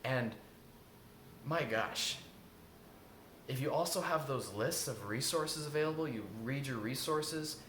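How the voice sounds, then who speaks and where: A man's voice: mid-range voice, measured pace, long pauses. A man giving a casual spoken lesson as an emotional eating coach, earnest and rambling, with many restarts and fillers. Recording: echoey room with faint ambient noise.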